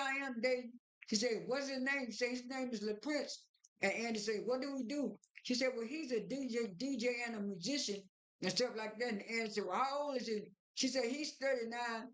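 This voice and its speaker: A woman's voice: fairly high pitch, a bit bright. A woman giving a casual, rambling recap of a reality show, full of repeated fillers and restarts. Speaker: recap vlogger.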